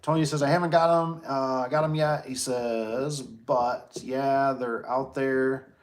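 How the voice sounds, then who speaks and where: A man's voice: medium pitch, steady tone, slow pace. A middle-aged man hosting a casual livestream, telling a story and reading chat comments, acting out his own reactions.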